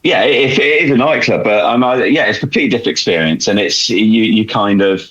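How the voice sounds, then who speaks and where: On a podcast, a guest with a lowish, fairly bright voice and a breathy edge talks quickly. His candid storytelling rambles, restarts often, and is filled with fillers and chuckles. The audio sounds dull.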